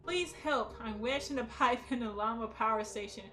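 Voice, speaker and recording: A woman's voice: on the high side, moderate pace, bright, forceful tone. A woman voicing a man trapped in a pipe who urgently pleads for help, reading game dialogue aloud. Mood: pleading.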